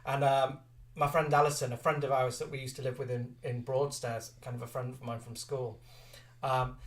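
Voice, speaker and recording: A man's voice: mid-range voice, flat delivery, moderate pace, recorded from a distance. A man co-hosting a live chat show, telling rambling, giggly anecdotes. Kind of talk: casual storytelling chat.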